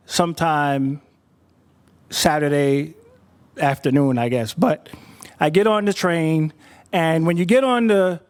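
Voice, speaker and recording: A man telling a personal story to an audience, conversational and doubling back on his words. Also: a little high. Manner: conversational, repeats words while thinking.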